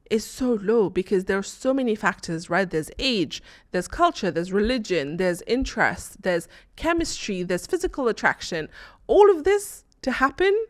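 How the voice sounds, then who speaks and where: A woman's voice: medium pitch, fairly bright tone. A woman hosting her own talk show, speaking casually and emphatically, full of rhetorical questions and checks like "okay?" and "right?". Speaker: host. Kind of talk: opinionated casual talk to camera.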